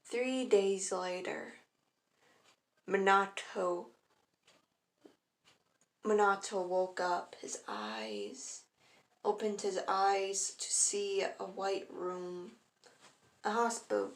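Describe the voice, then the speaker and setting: A woman's voice: mid-range voice, lively intonation, drawn-out words, pauses often. A woman narrating a fan story casually, stumbling, restarting and apologizing to listeners. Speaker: fan fiction reader. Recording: echoey room.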